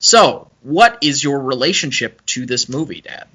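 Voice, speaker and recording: A man's voice: mid-range voice, big pitch swings, unhurried, sharp tone, muffled recording. A young man co-hosting a casual movie-review podcast, chatty and analytical, with frequent fillers. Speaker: podcast co-host.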